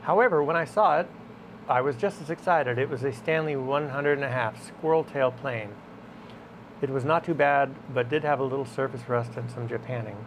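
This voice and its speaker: A man's voice: mid-range voice, normal speed, slight background noise, low-quality recording. A man vlogging from a guitar shop, talking casually and rambling with muttered asides. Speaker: vlogger restoring tools. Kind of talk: casual talk to camera while working.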